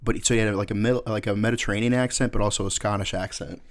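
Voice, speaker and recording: A man's voice: lowish voice, fairly even intonation, very fast. A male podcast host in casual chat, telling a rambling, profane story.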